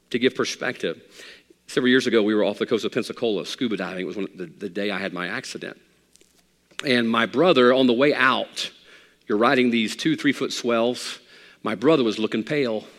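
A middle-aged man preaching a sermon as pastor, animated and rising to near shouts. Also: mid-range voice, long reverb tail. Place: church sanctuary.

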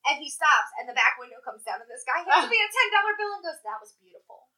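A woman's voice: high voice, fast, poor audio. A woman casually telling a story about her job in a toll booth, swearing freely and acting out what people said. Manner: animated, profane, acts out quotes.

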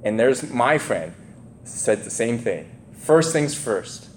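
Male preacher, mid pitch, animated delivery with wide swings, faint ambience behind. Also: slow pace, a little hiss or hum. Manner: animated, lively storytelling with asides and laughs. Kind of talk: sermon.

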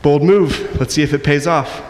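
A man preaching a sermon, acting out the quoted voices and moving between loud and soft passages. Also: a little high, moderate pace. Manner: acts out quoted voices, varies loudness widely. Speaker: pastor. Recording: long echo in a hall, faint noise.

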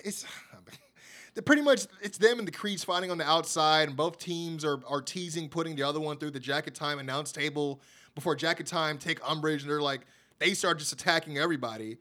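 A man's voice: fairly high pitch, a little fast, bright, forceful tone. A man hosting a podcast, chattily recapping wrestling shows with lots of fillers and laughs at his own jokes. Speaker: podcast host. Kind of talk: casual wrestling show recap.

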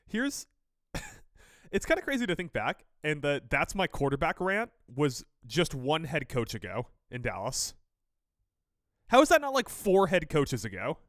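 A man co-hosting a casual sports podcast, his fairly high voice swinging widely as he argues his takes. He sounds opinionated and quick to tease. The recording is dry and close. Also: wildly swooping pitch, dry recording. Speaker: podcast co-host.

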